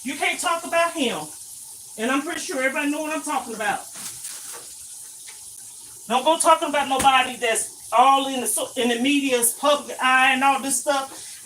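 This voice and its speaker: Bright-voiced older woman chatting live while cooking. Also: sits high, slight background noise, poor audio. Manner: scolding rude viewers, then fond reminiscing. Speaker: live-stream host. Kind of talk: casual live-stream chat while cooking. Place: home kitchen.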